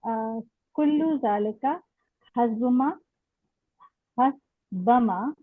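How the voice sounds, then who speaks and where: Woman student, husky, halting reader, phone-quality call audio. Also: on the high side, dry recording. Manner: halting reading with restarts. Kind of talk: reading a text aloud in class. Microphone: video call.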